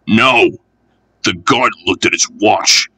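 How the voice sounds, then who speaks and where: Slow, animated male storyteller. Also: mid-range voice, breathy edge, dry recording, poor audio. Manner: expressive, animated. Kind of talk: storybook reading.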